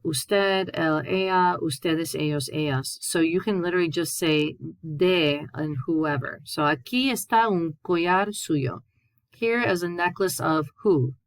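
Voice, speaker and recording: A woman with a low, dark-leaning voice walks students through a Spanish grammar lesson. She reads each example aloud, then translates it patiently. The sound is dry and close, with no room echo. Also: a little slow, smooth. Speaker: Spanish teacher. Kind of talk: recorded classroom lesson.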